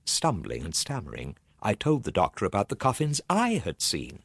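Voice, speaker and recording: A man narrating a dark, suspenseful story in a tense voice that swings from low murmurs to urgent bursts. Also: huge pitch swings, normal speed, breathy edge, no room sound, studio quality.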